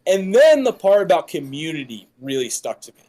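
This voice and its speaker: A young man, a podcast guest, telling stories in casual chat, animated and swearing a lot. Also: a little high, fairly quick. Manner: animated, heavy swearing, laughing often.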